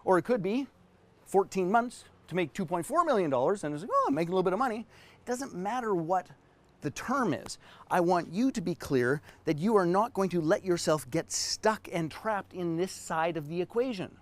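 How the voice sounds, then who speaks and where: Animated man coaching business owners. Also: high voice, normal speed. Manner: animated, emphatic, drawing on a board as he explains. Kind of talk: online training talk.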